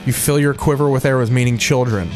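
A man's voice: medium pitch, fairly even intonation, fast, darkish tone, soft background music. A man co-hosting a podcast, riffing in loose, crude banter. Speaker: podcast co-host. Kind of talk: casual profane banter.

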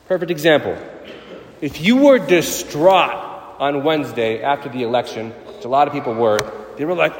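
A priest giving a sermon, animated, with sudden loud, high bursts of emphasis. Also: male voice. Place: church. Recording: echoey church with long reverb.

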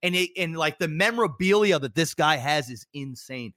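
Excitable swearing man, lively pitch. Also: moderate pace, no room sound, clean studio sound. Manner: excitable storyteller, swears a lot, says "bro" and "dude". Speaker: podcast co-host. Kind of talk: casual chat.

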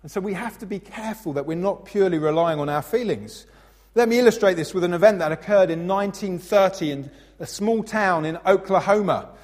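A man in his thirties preaching a sermon as pastor, expressive and playful, acting out voices in his stories. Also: high-pitched, brisk. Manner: expressive, acts out funny voices in anecdotes. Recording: long hall reverb.

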